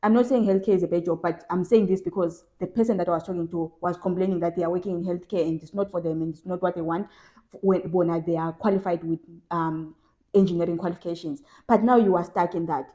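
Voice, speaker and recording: A woman's voice: fairly low pitch, steady tone, fast, mellow. A young woman from South Africa giving casual advice in a vlog, emphatic and repeating phrases for stress. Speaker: vlogger.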